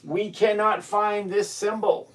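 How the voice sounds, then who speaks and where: A man's voice: high voice, fairly even intonation, slow. A middle-aged man hosting a live trading stream, bluntly thinking aloud and greeting viewers by name. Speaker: livestream host.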